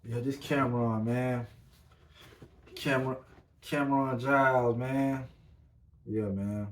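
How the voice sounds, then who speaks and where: A man's voice: mid-range voice, slow. Guy doing a solo podcast, aave, loose and hyped, keeps saying man, medium voice. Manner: loose, animated, repeats "man" and "you know what I'm saying". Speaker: podcast host. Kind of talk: casual solo podcast talk.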